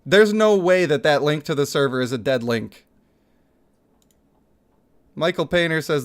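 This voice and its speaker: A young man hosts a casual gaming livestream. His voice sits a little high for a man, and he talks in an animated, chatty way, laughing often as he reads his chat aloud. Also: moderate pace, long pauses. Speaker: streamer.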